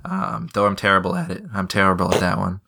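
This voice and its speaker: Young male podcast host, low and bright, loose profane chat, lots of restarts. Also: completely flat delivery, fast, creaky. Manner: rambling, profane, many restarts.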